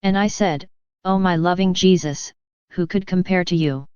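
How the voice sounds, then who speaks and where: A woman recites devotional text in a measured, even way, her voice a little low, very smooth and resonant. The recording is dry and slightly dull with a lo-fi edge and no room sound.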